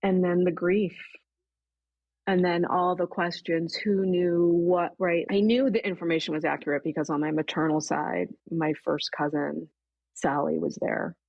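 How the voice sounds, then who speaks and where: A woman's voice: on the low side, a little slow, gravelly, no echo, lo-fi sound. A woman, a podcast guest, earnestly retelling an emotional personal story and voicing her own past thoughts. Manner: earnest, animated retelling with quoted inner thoughts.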